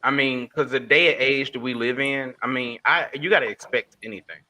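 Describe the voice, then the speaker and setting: Laid-back bright-voiced man. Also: medium pitch, fairly quick. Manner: laid-back, stammering restarts. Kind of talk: casual chat.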